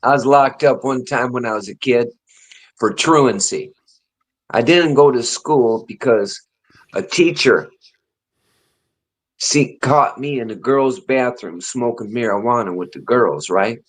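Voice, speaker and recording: A man's voice: medium pitch, unhurried, poor audio. A man co-hosting a casual chat show, telling a long profane anecdote with frequent laughter.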